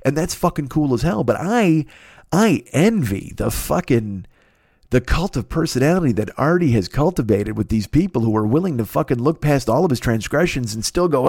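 A man's voice: animated, normal speed, a little mellow, slightly rough, no room sound. Male podcast comic, mid-range voice, dry close sound, swears constantly, incredulous rant with whiny mock voices. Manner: heavy swearing, ranting, incredulous; mocks others in a high whiny voice. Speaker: podcast host. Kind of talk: profane comedic rant.

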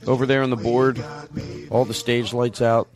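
A man hosting a live comedy show, playful and mock-sincere with the audience. His pitch sits in a middling range, with light music behind him. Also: flat delivery, normal speed. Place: theater stage with a live audience.

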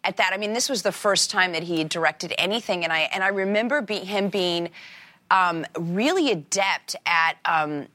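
Low-voiced actress chatting, full of fillers. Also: female voice, animated, moderate pace, bright, forceful tone. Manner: thoughtful, many fillers and repeated words; agreeable, often says exactly and yeah. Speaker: actress, interview guest. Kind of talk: casual interview chat.

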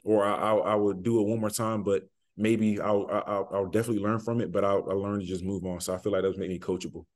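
Low-voiced young man, relaxed and rambling. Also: quick pace, hardly any pauses. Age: young adult. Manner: relaxed, rambling, many fillers and restarts. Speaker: college football player guest. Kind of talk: casual interview answers.

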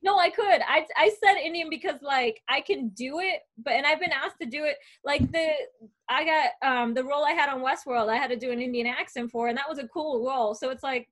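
A young woman with a notably high voice talks loosely on a podcast. She's an actor, chatty and quick to laugh. She swears casually between thoughts. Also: a bit bright. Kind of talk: casual chat.

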